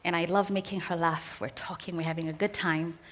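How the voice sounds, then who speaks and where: A woman telling a personal family story in an earnest, expressive way, with pauses. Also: on the low side.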